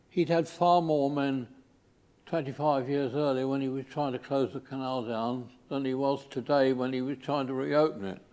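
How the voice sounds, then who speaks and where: An older man from England giving an informal slide talk, pausing often with fillers and restarts. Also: mid-range voice, a little mellow. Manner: halting, with many fillers and restarts.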